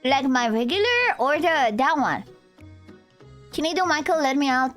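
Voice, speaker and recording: A woman's voice: sits high, expressive, normal speed, pauses often, a bit bright, faint music behind. A young woman live streamer chatting casually with her viewers, rambling and giggly. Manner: rambling, giggly, talks to chat.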